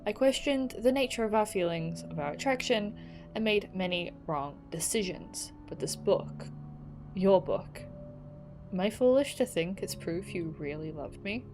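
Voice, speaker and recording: A woman at mid pitch plays through a story game and reads each letter aloud in her own voice. She keeps cutting in with playful asides and laughter, and faint music sits under her voice. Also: expressive, measured pace, darkish tone. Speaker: game streamer. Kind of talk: casual let's play, reading in-game letters aloud.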